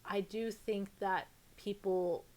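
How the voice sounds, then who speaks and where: A woman's voice: mid-range voice, fairly even intonation, takes it slowly, a little mellow. A woman from Pennsylvania, a podcast guest, talking openly and emotionally in a casual interview, swearing freely and filling her speech with "like". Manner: open and emotional, swears freely, many fillers. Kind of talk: candid conversational interview.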